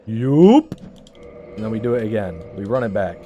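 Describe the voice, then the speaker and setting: A man's voice: on the low side, very animated, moderate pace, warm tone, dull audio, slight background noise. Rambling, swearing young man streamer. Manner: rambling, self-mocking, swears a lot. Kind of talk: casual gameplay chat with stream chat.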